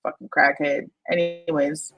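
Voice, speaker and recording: A woman's voice: low-pitched, flat delivery, measured pace, vocal fry, fairly bright tone, faint music behind, rough recording. A woman hosting casual commentary over a shared screen, mocking, swearing and laughing often. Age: adult with a young daughter. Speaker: commentary channel host.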